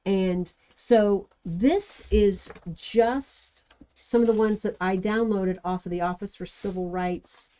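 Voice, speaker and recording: A woman's voice: mid-range voice, slow pace, dark tone. A woman guest in a casual talk, earnest and prone to digressions while giving warnings. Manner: earnest, digresses, warns listeners seriously. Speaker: guest, medical compliance worker. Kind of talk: casual chat.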